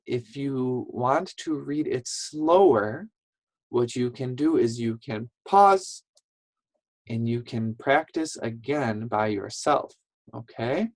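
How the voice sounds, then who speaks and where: A woman teacher giving a reading lesson to young children, animated and slow, with gasping praise. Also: rumbling low, no echo, rough recording.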